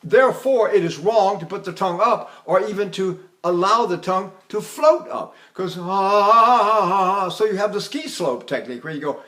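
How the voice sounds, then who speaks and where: Older male voice teacher, chatty and high. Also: big pitch swings, brisk, few pauses. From Texas. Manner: chatty, demonstrating with sung vowels and anecdotes. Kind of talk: recorded vocal technique lecture.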